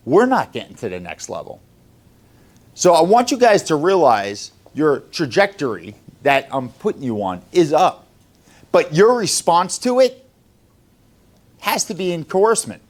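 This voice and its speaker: A man who runs a sales company lectures his staff with a blunt, profane motivational talk, his voice swinging between loud and low.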